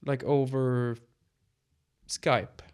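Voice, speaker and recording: A man's voice: medium pitch, flat delivery, extremely slow, clear, resonant tone. A man with a Swedish accent chatting casually on a podcast, thinking aloud with ums and restarts. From Sweden. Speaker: podcast co-host. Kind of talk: casual chat.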